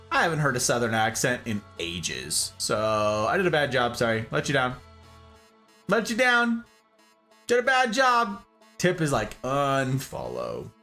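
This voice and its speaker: Playful male game streamer. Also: mid-range voice. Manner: playful, animated, given to jokes. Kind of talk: casual live-stream chat.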